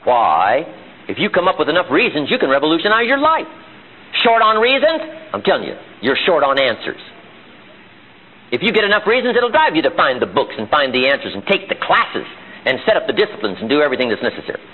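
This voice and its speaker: A man's voice: a little high, big pitch swings, fairly quick, husky. A man giving a live motivational seminar in a meeting room. He is emphatic and fires off rhetorical questions. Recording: tinny lo-fi archival seminar tape.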